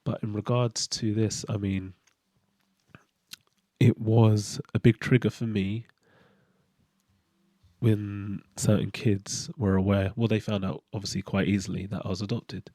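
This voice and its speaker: A man speaks candidly in a low, mellow voice, reflecting on his own life. He talks in a halting way and restarts as he searches for words. The sound is dry and close. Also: flat delivery, no echo. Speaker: channel host. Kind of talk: reflective personal monologue.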